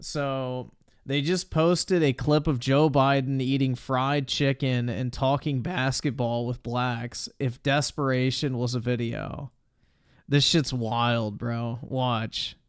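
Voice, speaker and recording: A man's voice: medium pitch, steady tone, takes it slowly, clear, resonant tone, no echo, clean studio sound. A young man streaming, talking over clips in a crude, mocking way with lots of swearing. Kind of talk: casual commentary.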